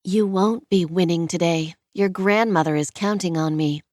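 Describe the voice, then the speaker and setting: Sharp-tongued young woman, sarcastic, tart, dry close sound, as a narrator reads her. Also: lowish voice, normal speed, no echo, natural voice.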